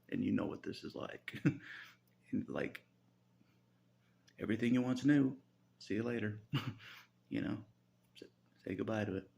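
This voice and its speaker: Man vlogger, very gravelly and lowish, animated delivery, keeps chuckling and cussing. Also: a little hiss or hum. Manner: chuckling often, swearing, filler-heavy. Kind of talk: rambling spiritual monologue.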